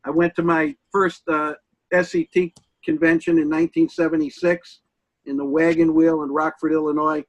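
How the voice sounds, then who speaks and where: An older man, a guest on an interview show, telling folksy stories from his early working days at an unhurried pace, with many pauses. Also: on the high side, flat delivery, dry recording, dull audio. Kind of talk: reminiscing interview talk.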